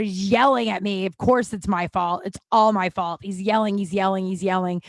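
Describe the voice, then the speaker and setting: A woman's voice: mid-range voice, vocal fry, dry recording. A woman hosting a podcast, telling personal stories in a candid, profane way and acting out what people said. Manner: candid, profane, acts out quotes. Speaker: podcast host. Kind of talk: casual storytelling monologue.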